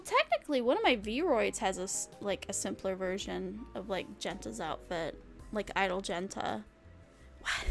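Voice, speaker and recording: A young woman streaming, chatting casually and rambling with lots of fillers and giggles. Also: on the high side. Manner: bubbly, giggly, rambling with many "like"s. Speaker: vtuber streamer. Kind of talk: casual chat with chat readers.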